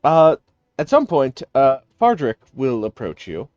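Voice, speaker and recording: A man's voice: medium pitch, no room sound, highs cut off, soft background music. Guy running a tabletop game, lots of uhs, voice goes up and down a lot. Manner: lively, halting explanations with many fillers. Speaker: game master.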